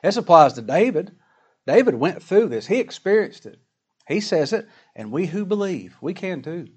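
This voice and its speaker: Folksy man preaching a slow-read sermon. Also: high voice, big pitch swings, darkish tone, slightly rough. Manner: folksy preaching, rhetorical questions, slow emphatic scripture reading. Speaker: pastor.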